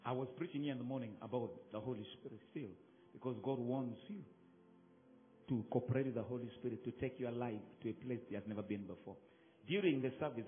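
Man preaching a sermon over a tinny line. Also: medium pitch. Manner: emphatic, calls out to the congregation with sudden loud bursts and soft drops. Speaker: pastor. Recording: phone-like narrow sound.

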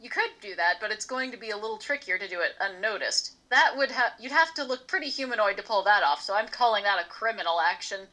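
A woman's voice: mid-range voice, lively intonation, fast talker, few pauses, sharp tone. A woman narrating as game master of a tabletop role-playing game, playful and swearing casually.

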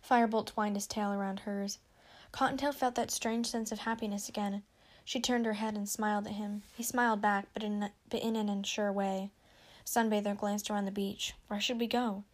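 A woman reading a storybook aloud with steady narration. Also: mid-range voice, normal speed. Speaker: reader.

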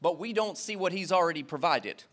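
High-voiced preaching male pastor. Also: lively intonation, a little fast, a bit bright. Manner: impassioned preaching with emphatic repetition; talks directly to the congregation. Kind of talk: sermon.

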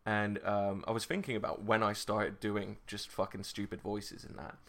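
Young guy, low voice, rambly podcast chat, giggles, swears a bunch. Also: flat delivery, normal speed, vocal fry, a bit bright. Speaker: podcast co-host. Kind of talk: casual chat.

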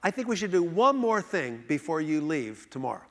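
A man's voice: a little high, sing-song, moderate pace, big-room sound. A man doing an eager buddy, coaxing. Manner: enthusiastic, coaxing. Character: upbeat male friend, eager hiking buddy.

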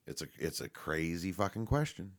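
A man with a very deep, low voice delivers a loose, wandering monologue at normal speed with lively intonation. He swears freely, relies on fillers and restarts, and laughs often along the way.

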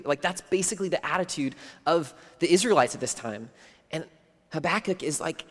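A man preaching a sermon in an earnest, conversational way, his voice sitting a little higher than most men's. He sometimes sinks almost to a whisper. A long reverb from a big hall trails after his words. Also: lively intonation, a little fast, fairly bright tone. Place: church hall.

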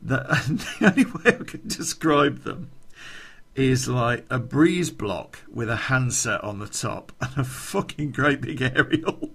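A man's voice: mid-range voice, slow pace, vocal fry, a bit bright, husky. A man telling a rambling podcast anecdote, chuckling and swearing as he goes. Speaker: podcast storyteller.

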